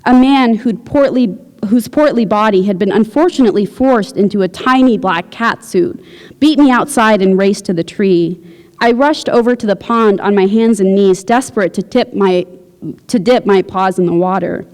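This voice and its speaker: A woman reading her own fiction aloud at a university, with a wry, deadpan delivery. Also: mid-range voice, normal speed, in a large hall. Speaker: visiting writer. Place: university lecture hall.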